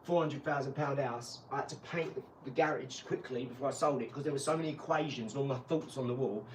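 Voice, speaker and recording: Animated man telling stories in an echoey garage. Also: medium pitch, quick pace. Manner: animated storyteller, laughs, swears. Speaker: live-stream host. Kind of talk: casual live-stream chat. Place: empty garage. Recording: roomy, distant mic, faint noise.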